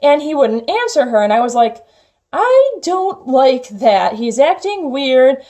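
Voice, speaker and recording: A woman's voice: sits high, very animated, unhurried, warm tone. A young woman vlogger telling a personal story in a chatty, casual way, full of "like" fillers. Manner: chatty, heavy use of "like" fillers.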